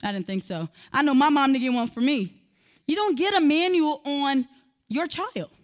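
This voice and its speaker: A high-pitched woman at normal speed relates a personal story during a sermon-style talk on parenting. She's animated in the telling and addresses her listeners directly.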